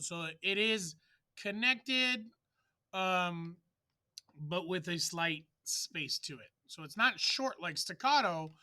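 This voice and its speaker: A man's voice: high-pitched, pushed and bright. A man teaching wind players in a loose, chatty way, singing short syllables aloud to demonstrate how notes should sound. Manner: loose and chatty, with fillers and restarts. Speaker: music teacher. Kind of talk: casual instructional talk.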